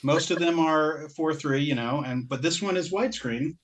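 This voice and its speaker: A podcast co-host with a higher-pitched voice chats casually about his purchases at a moderate pace. He rambles, breaks off mid-sentence, and laughs often, with a little hiss or hum in the recording.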